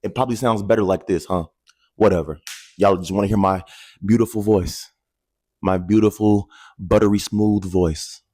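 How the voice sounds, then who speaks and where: A man in his twenties talking to viewers in a casual, animated testimony, repeating phrases for emphasis, into a handheld microphone. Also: lowish voice, normal speed. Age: 20s. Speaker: vlogger.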